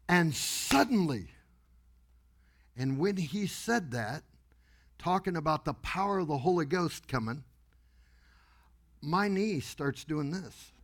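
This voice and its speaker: A pastor telling a story in an animated, exuberant sermon to a congregation in a church. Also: male voice, on the high side, slow. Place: church sanctuary before a congregation.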